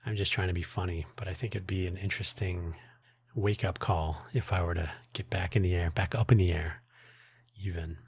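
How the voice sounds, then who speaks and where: A man's voice: low-pitched, fairly even intonation, a little fast, creaky, breathy edge, no room sound. A man hosting his own podcast, talking in a rambling, wry way with frequent restarts and asides. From United States. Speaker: podcast host. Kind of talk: casual solo monologue.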